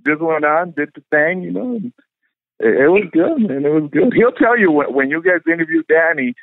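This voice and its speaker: Man, podcast guest, lively swooping storyteller, swears freely, tinny dry sound. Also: on the high side, moderate pace, gravelly, dry recording. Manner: animated, profane, laughs often. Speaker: actor guest. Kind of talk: casual interview storytelling.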